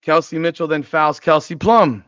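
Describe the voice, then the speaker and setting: A man's voice: a little high, normal speed, a bit bright, no echo. A man hosting a podcast, giving blunt, profane, exasperated post-game basketball commentary. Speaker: podcast host. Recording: dry, slightly dull lo-fi sound.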